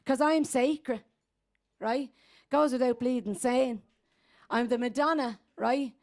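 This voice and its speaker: A woman's voice: high-pitched, slow, darkish tone. A woman playing a brash, crude elderly woman from inner-city Dublin with a thick Dublin accent, rambling and streetwise in a comic monologue. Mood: bawdy. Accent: Dublin Irish. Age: 80s. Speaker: comedy character guest. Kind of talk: stand-up character monologue.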